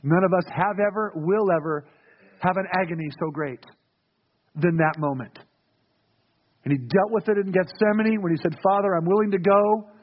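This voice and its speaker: A man's voice: high-pitched, moderate pace, pauses often, husky, muffled recording. A man preaching a sermon to his church, earnest and repeating key phrases for weight. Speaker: pastor.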